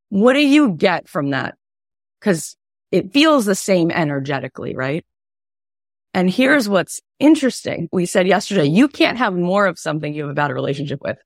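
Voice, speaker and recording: A woman coach teaching an online workshop in a chatty, animated way, her voice raspy from a cold. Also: lowish voice, dry recording, studio quality. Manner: animated, chatty, lots of "right?". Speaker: wealth coach.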